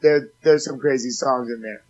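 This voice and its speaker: A man's voice: mid-range voice, moderate pace, a little mellow, dull audio. A man guesting on an interview show in casual chat, a profane, rambling storyteller.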